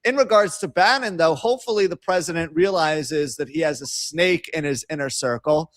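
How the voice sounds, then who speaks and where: A man's voice: on the high side, normal speed, fairly bright tone, no room sound. A man with a Brooklyn accent, co-hosting a casual political talk show, giving long, confident, opinionated explanations. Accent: New York, Brooklyn. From North Brooklyn, New York City. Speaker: co-host and producer.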